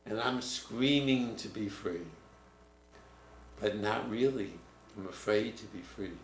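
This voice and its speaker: Older man telling a story, roomy echo. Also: lowish voice. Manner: reflective, halting, restarts mid-word. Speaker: storyteller and writing teacher. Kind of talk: personal storytelling in conversation. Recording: roomy echo, faint room noise.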